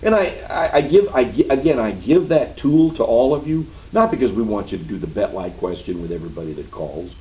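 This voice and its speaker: A man's voice: fairly low pitch, animated, fairly quick, hardly any pauses, far from the mic. A man giving a training presentation in a meeting room, folksy and checking in with "okay" after each point. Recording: dull lo-fi camera audio with faint hiss.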